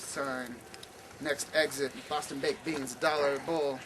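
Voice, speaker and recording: A man telling a comic story at a campfire, animated with many stammering restarts. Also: a little high, a little slow. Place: outdoor campfire at night. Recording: noisy outdoor camp recording.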